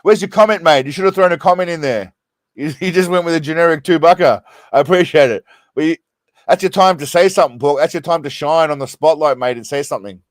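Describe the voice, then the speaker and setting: A man's voice: a little high, quick pace, dry recording. An Australian man hosting a casual live stream from a small room, rambling and laughing as he thanks his viewers and keeps getting sidetracked.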